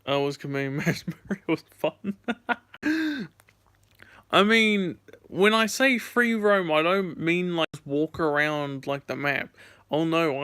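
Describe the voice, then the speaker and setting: A young man chats about games on his stream from home, rambling with constant filler words. His slightly high voice is smooth and clear, heard close and dry with no room sound. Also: sharp tone, dry recording. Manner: rambling, filler-heavy storytelling. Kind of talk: casual gaming chat.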